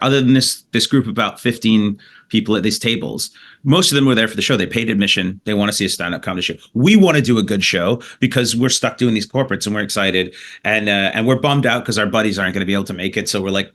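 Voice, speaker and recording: Canadian comedian guy, bright tense voice, swears a lot, tells stories fast and loose. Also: on the low side. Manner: animated anecdote-telling with profanity and laughter. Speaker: comedian guest. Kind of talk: storytelling in a podcast interview.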